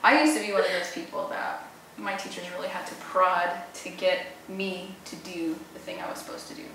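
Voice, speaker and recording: A woman's voice: lowish voice, fairly even intonation, fairly quick, a bit bright, slight background noise. A woman voice coach chatting with a student in an encouraging, casual way, recorded in a teaching studio. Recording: echoey room, distant mic.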